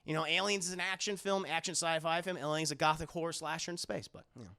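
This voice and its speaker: Bright, gravelly male streamer. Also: a little high, quick pace. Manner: animated, swears freely, laughs often, addresses chat. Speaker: streamer reviewing a film with live chat. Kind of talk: casual live-stream commentary.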